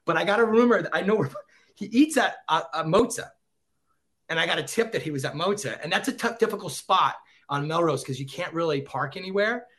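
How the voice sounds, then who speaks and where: A middle-aged man as a podcast guest, an excitable storyteller who acts out quotes in casual chat. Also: fairly high pitch, fairly quick. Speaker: podcast guest, former celebrity reporter.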